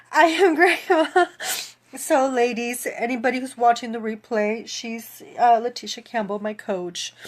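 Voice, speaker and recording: A woman speaks slowly, her voice sitting a little high, as she gives a tearful thank-you on a live stream. She keeps breaking into laughter through her crying. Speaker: fitness program creator giving a testimonial. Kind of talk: emotional live-stream testimonial.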